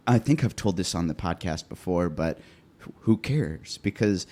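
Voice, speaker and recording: Low-voiced man telling a story on a podcast. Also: lively intonation, normal speed, dark tone. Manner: laid-back storyteller, repeats words and restarts, laughs at his own story. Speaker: podcast host. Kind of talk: casual podcast chat.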